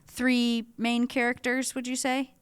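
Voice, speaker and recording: A woman's voice: fairly high pitch, completely flat delivery, measured pace, smooth, dry recording. A woman co-hosting a podcast in casual chat, summarizing tentatively and asking clarifying questions. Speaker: podcast co-host.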